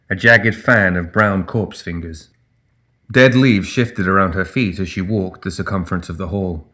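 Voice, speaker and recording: A man reading fantasy fiction aloud in an audiobook. His voice sits on the low side, and his delivery stays steady and measured. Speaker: audiobook narrator. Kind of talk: scripted fantasy narration.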